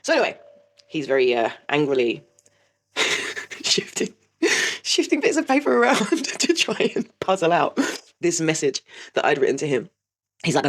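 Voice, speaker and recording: Fast-talking woman telling a blunt story. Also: very deep voice, lively intonation. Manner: blunt storytelling with frequent swearing. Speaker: vlogger host. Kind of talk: casual monologue vlog.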